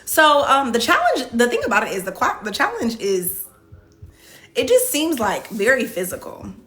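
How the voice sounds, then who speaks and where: A woman's voice: fairly high pitch, huge pitch swings, normal speed, a bit bright. A woman hosting a casual livestream Q&A, chatting loosely with lots of "like" fillers and answering viewer comments as they come in. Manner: frequent "like" fillers and restarts. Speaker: reality show contestant hosting a live Q&A.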